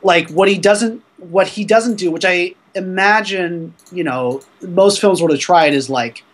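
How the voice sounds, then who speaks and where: A man co-hosting a casual film discussion, retelling scenes in a relaxed way with wry asides. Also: high voice, measured pace.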